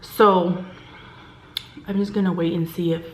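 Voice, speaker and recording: A woman's voice: on the low side, measured pace, a little hiss or hum. Chatty woman telling a story, echoey room. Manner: chatty, animated quoting of others; drops to a hushed whisper at tense moments. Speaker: vlogger telling a work story. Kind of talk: casual storytime chat.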